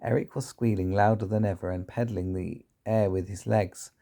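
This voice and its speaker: A man reads a children's book aloud in a low, gravelly voice. His tone is dark and mellow. He sometimes stumbles and corrects himself mid-sentence. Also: steady tone, normal speed. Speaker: reader.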